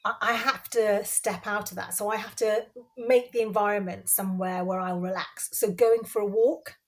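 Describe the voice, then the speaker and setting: A woman answers questions as a podcast guest, her voice in a middle pitch. She speaks earnestly, circling back and repeating her phrases to stress a point. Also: steady tone, normal speed. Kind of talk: casual conversational interview.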